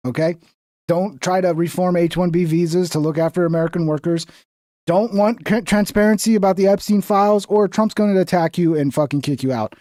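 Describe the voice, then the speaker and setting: A man's voice: on the high side, darkish tone, dry recording, clean studio sound. A man casually reacting to talk show clips, joking and swearing as he talks.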